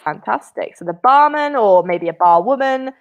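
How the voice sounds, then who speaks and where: A woman's voice: fairly high pitch, expressive, normal speed. A woman teaching an online English lesson, upbeat and encouraging, praising answers often. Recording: dull lo-fi webinar audio.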